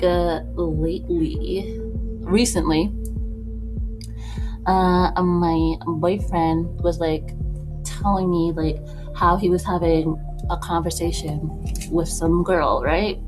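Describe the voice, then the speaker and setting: Slow-talking young woman, rambling, music behind. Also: on the low side. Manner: rambling, filler-heavy, many "like"s; laughs between thoughts. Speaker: beauty vlogger. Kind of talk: casual get-ready-with-me chat. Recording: music playing clearly behind voice.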